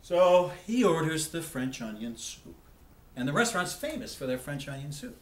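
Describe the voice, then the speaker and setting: A man's voice: on the high side, big pitch swings, moderate pace, reverberant, a little hiss or hum. A man in a comedy sketch therapy group, hesitant and stammering as he tells a self-pitying story.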